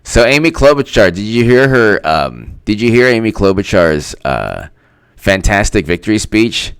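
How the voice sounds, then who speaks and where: A man's voice: lowish voice, sing-song, moderate pace, a bit bright, clear, resonant tone, no echo. A man giving casual political commentary in a sarcastic, mocking way, laughing often.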